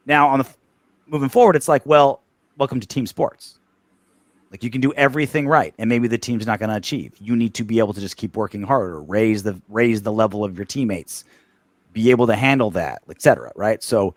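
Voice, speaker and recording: A man co-hosting a casual sports podcast, talking in a lively voice that leaps up and down. He curses freely and keeps restarting his sentences. His voice sits dry and close on the mic. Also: mid-range voice, no echo. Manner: animated, swearing, rapid restarts. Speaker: podcast co-host.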